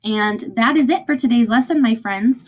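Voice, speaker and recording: A woman's voice: fairly high pitch, normal speed. A woman teacher giving a recorded read-aloud lesson to young children in an encouraging way, often checking in with them.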